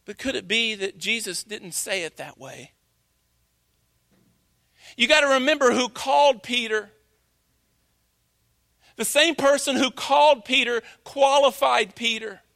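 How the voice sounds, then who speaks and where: A man preaching a sermon in a church, with slow, dramatic emphasis. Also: extremely high pitch, pushed and bright. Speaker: pastor. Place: church sanctuary.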